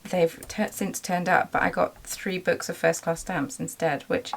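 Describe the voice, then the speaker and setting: A woman's voice: on the low side, fairly even intonation, measured pace, creaky. A woman running a small craft business, talking in a chatty, rambling way with lots of ums in a casual vlog. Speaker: small business owner and vlogger.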